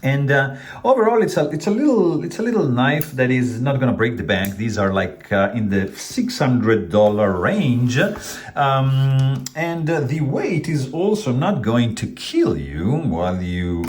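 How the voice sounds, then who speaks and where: A man's voice: mid-range voice, big pitch swings, a little slow, darkish tone. A man casually reviewing a pocketknife, rambling with many fillers and restarts while handling the knife as he talks.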